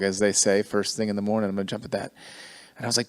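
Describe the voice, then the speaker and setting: A man's voice: fairly low pitch, flat delivery, rapid-fire. A man in his forties leading a men's ministry gathering, talking in a sincere, self-deprecating way. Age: 40s. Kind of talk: casual group talk.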